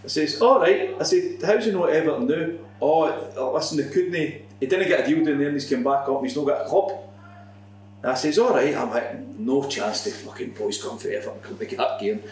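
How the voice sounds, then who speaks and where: A man, a former football manager, telling a swearing, animated anecdote in a casual podcast chat. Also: a little high, brisk. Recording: echoey room, distant mic, faint hum.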